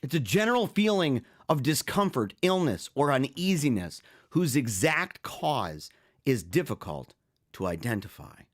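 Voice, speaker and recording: A man's voice: medium pitch, sing-song, unhurried. A man hosting a talk show, talking in a casual, joking monologue and acting out little scenes with frequent chuckles. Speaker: show host.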